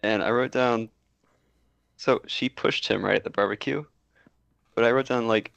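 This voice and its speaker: A man's voice: medium pitch, steady tone, normal speed, creaky, fairly bright tone, no echo, dull audio. A man co-hosting a film podcast, casually reading from his notes with dry remarks. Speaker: podcast co-host. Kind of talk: casual chat.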